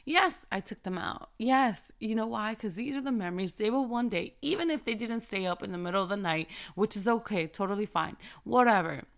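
A woman in her thirties, a mother telling an earnest, animated story about embracing moments with her kids and giving thanks. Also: medium pitch, brisk, creaky, hardly any pauses. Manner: animated, earnest, repeats phrases for emphasis. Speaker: mother sharing faith reflections. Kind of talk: casual inspirational storytelling.

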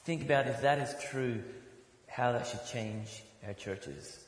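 A middle-aged American man preaching a sermon as pastor, joking and rising to loud mock outrage. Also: mid-range voice, a little slow. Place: church sanctuary. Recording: echoey hall, long reverb.

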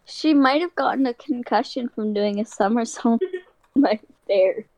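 A young woman co-hosting a casual podcast with friends, lively and quick to push back. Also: a little high, no echo, rough recording. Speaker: podcast co-host. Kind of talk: casual chat among friends.

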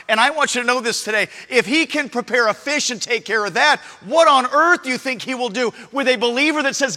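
A male preacher with a remarkably high, bright, cutting voice delivers a sermon in a church. He jumps between ringing shouts and low, hushed near-whispers. A long reverb trails each phrase through the big room. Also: fairly quick, few pauses. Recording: long reverb in a large hall.

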